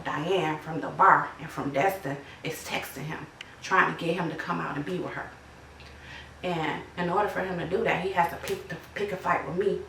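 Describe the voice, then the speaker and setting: Raspy-voiced woman telling her story. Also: lowish voice, fairly bright tone, roomy sound, far from the mic, slight background noise, poor audio. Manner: conversational, with frequent fillers and quoted dialogue. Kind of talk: personal testimony.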